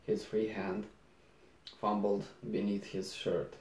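A man reading a novel aloud in first person, low-key and unhurried, with small slips and restarts. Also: flat delivery, a little mellow, a little hiss or hum. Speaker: audiobook reader. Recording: roomy echo.

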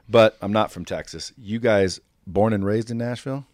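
A brash male podcast host with a very low voice, recorded close and dry in the studio. He jokes and swears freely as he banters with his guests, loose and confident. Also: brisk, a little mellow, no room sound. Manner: brash, profane, jokey. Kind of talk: casual interview banter. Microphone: studio microphone.

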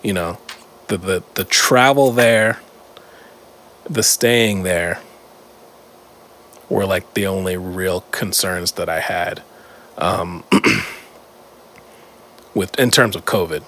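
A middle-aged man with a fairly low voice tells a story in a relaxed, easy way, with lots of "you know" and quick laughs along the way. There is a faint hum of noise behind him. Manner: laid-back storyteller, full of fillers, laughing between lines. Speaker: podcast co-host. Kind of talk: casual chat.

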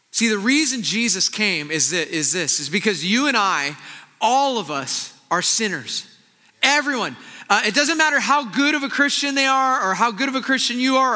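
Bright-voiced man preaching a sermon. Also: animated, normal speed, long reverb tail. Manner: earnest preaching that swings to hushed, intense low passages. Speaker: pastor.

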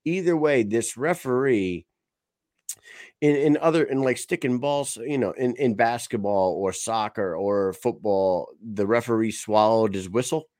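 A man's voice: medium pitch, unhurried, a little mellow, no room sound, studio quality. A man in casual sports chat on a podcast, telling rambling, profane stories with lots of animation. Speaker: podcast co-host.

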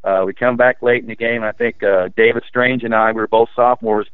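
A man recalling his high school basketball days in a rambling, casual way, full of restarts and fillers. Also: fairly even intonation, a little fast, clean tone, no echo. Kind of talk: storytelling in a casual interview. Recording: dry, tinny phone-line sound.

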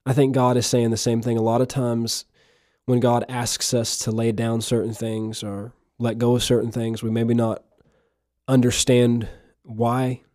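A man's voice: medium pitch, dark tone, no echo, studio quality. A man hosting a casual devotional podcast, rambling and repeating himself as he talks. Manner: rambling, repeats words and restarts. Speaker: podcast host. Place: lives in Missouri.

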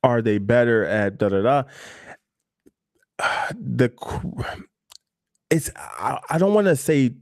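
A man's voice: fairly low pitch, a little mellow, smooth, no room sound. Candid barber man, dry close sound. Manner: loose and candid, with fillers and asides. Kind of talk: casual advice talk to camera.

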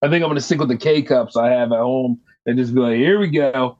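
A man's voice: mid-range voice, steady tone, quick pace, darkish tone. A man chatting casually on a comedy podcast in a laid-back, slangy way. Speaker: podcast co-host. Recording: dull lo-fi sound.

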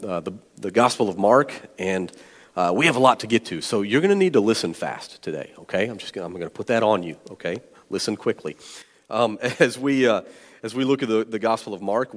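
A male pastor preaching a sermon to his congregation, animated and joking, with plenty of fillers and restarts. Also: lowish voice. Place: church sanctuary. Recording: long church hall reverb.

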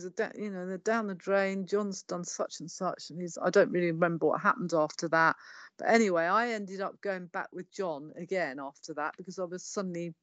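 A medium-pitched, fairly bright voice with no room sound belongs to a middle-aged woman from England who has an English accent. As a podcast guest she candidly tells her life story, swearing freely and bluntly quoting dialogue.

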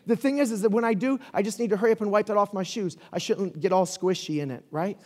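High-voiced animated male preacher. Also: quick pace. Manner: animated, conversational preaching with rising shouts. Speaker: pastor. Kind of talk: sermon.

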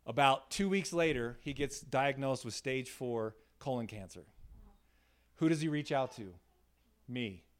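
A man's voice: mid-range voice, unhurried. A man preaching an informal sermon in a small room, telling stories with laughter and frequent "right?" asides to his listeners. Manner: animated, laughing, frequent "right?" tag questions. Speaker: pastor. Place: small room in a church setting.

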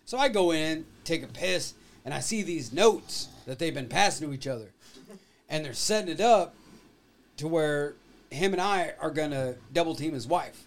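A man telling a story in casual chat, hesitant and low-key. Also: normal speed. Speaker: podcast guest.

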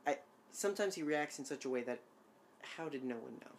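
A man's voice: on the high side, expressive, fairly quick, slight background noise. A man co-hosting a casual podcast chat, rambling and self-amused, with many fillers and restarts. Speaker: podcast co-host.

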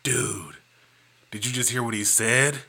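A man's voice: mid-range voice, a little slow, pushed and bright, breathy edge. A man imitating an amazed laid-back dude. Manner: drawling surfer-dude delivery.

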